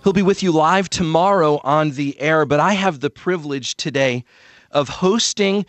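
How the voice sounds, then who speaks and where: A man's voice: on the high side, normal speed, a bit bright, no room sound. A man filling in as a radio talk show host, enthusiastic and rattling off promos.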